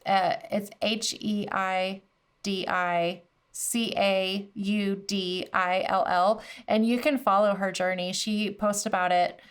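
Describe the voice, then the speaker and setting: A woman's voice: mid-range voice, fairly even intonation, slow pace, smooth. A woman hosting a podcast interview, encouraging her guest and backing her up with frequent "mm-hmm". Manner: warm encouraging, constant "mm-hmm" backchannel. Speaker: podcast host. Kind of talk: casual interview chat.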